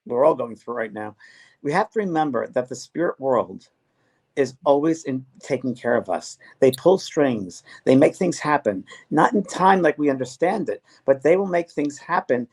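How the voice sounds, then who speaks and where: Earnest, halting male medium. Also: medium pitch, animated, a little mellow, slightly rough. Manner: earnest, halting with many restarts. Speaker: medium and host. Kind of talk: casual spiritual chat.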